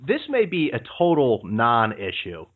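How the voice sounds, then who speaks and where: A man hosting a casual interview, asking relaxed, conversational questions. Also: mid-range voice, unhurried, narrow, tinny audio. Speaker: podcast interviewer.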